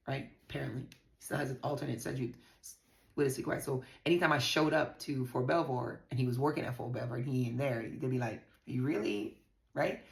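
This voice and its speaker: Her voice is very deep and gravelly as this Virgin Islands vlogger talks openly to camera about something from her own life, cursing without restraint. The sound is roomy.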